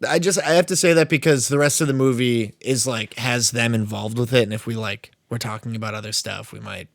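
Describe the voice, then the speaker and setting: A young man talks casually on a podcast, rambling through his thoughts with lots of fillers and the odd curse. His voice sits in a middle pitch. The sound is dry and close, with no room around it. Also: fairly even intonation, fairly quick, creaky, dry recording. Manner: rambling, filler-heavy, swearing. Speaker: podcast co-host. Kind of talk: casual chat about movies.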